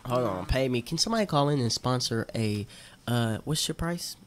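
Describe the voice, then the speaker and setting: A man's voice: mid-range voice, expressive, normal speed. A man from Stockton co-hosting a morning radio show, bantering and teasing playfully.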